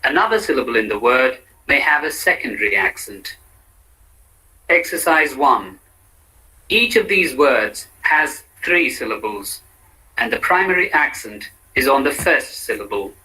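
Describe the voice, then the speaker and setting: A man reading a pronunciation lesson, modeling each word slowly and carefully. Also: medium pitch, sing-song, bright, forceful tone, low-quality recording. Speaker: language course narrator. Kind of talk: scripted instructional narration.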